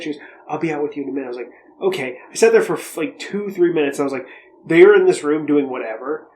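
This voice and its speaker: A man's voice: a little high, a little mellow, low-quality recording. A young man co-hosting a podcast, telling a story in a rambling, profane, casual way. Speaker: podcast co-host. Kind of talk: casual chat.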